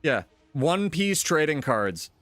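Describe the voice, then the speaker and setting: A man streaming live, venting in a loose, swear-heavy rant with a lively, up-and-down voice that swings widely in pitch. He talks casually to his chat, sounding fed up, while faint music plays underneath. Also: takes it slowly, no echo. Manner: ranting, profane, exasperated.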